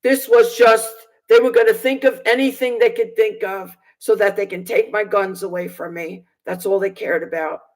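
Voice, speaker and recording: Woman, personal testimony, earnest, indignant, halting, lots of ums, mid-pitched voice. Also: fairly even intonation, a little mellow, low-quality recording. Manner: hesitant, halting, many fillers and restarts. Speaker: Christian video preacher. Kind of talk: personal testimony, telling a story.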